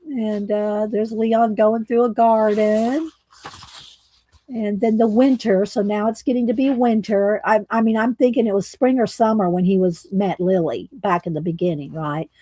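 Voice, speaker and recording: A woman's voice: mid-range voice, steady tone, normal speed, dark tone, no echo. A woman hosting a coloring livestream, chatting casually and rambling with fillers and restarts. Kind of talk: casual chat while coloring.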